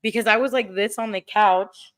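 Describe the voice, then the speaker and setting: Bright-voiced woman telling animated stories. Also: medium pitch, normal speed. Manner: animated storyteller, acts out her own reactions. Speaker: podcast host. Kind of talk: casual chat.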